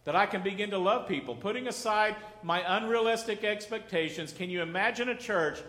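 Chatty preacher guy, high voice, acts out little bits, asks the crowd stuff, big echoey church. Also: brisk, sharp tone. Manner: conversational and joking, acts out little scenes, asks the crowd questions. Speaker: pastor. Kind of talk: sermon. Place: church sanctuary.

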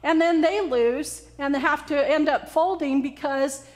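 Brief: Southern US woman preacher, high voice, bantering with her congregation. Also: unhurried. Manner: joking, interactive with congregation. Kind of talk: conversational sermon.

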